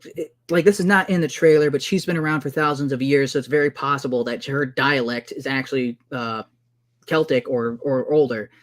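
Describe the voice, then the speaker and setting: A man in a heated online debate, talking fast over the other man with exasperated outbursts and insults. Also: medium pitch, steady tone. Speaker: debater defending the trailer.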